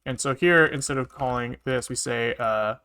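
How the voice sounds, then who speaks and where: Here the man's voice sits at a medium pitch, sharp yet clean, moving at a normal speed. He streams himself programming, muttering and thinking out loud with offhand profanity, and the sound of typing and clicking fills the background.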